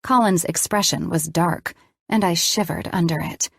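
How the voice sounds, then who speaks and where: A woman narrating a romance novel in the first person, steady and measured. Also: on the low side, creaky, slightly rough, dry recording, studio quality. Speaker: audiobook narrator.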